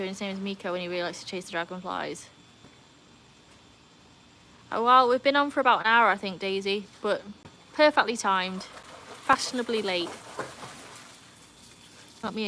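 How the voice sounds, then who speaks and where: A woman's voice: fairly high pitch, fairly bright tone, slight background noise. A woman hosting a casual livestream from beside a pool, chatting with viewers and breaking into squealing cheers. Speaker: livestream host. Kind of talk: casual live-stream chat reading viewer comments. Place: outdoors beside a home swimming pool.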